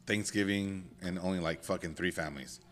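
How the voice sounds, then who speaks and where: A man with a very low voice who talks quickly. He chats in a laid-back, offhand way on a podcast, dropping casual swears. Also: steady tone, a bit bright, soft background music. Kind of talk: casual chat.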